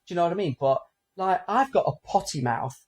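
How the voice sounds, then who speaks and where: Speaking quickly in a high-sitting voice, a podcast co-host in his forties tells crude, joking stories on a casual comedy show. He animates each tale by acting out the voices of the people he quotes.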